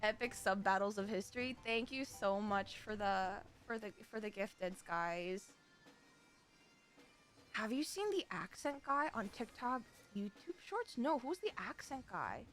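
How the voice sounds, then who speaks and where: An American woman streamer chatting casually, giggly and excitable. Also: mid-range voice, unhurried, soft background music. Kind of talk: casual live-stream chat.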